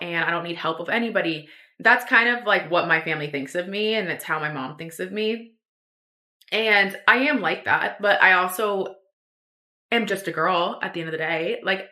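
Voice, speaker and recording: A woman's voice: on the low side, bright, forceful tone. A young woman telling a personal story on her podcast, rambling with lots of fillers and restarts. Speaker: podcast host.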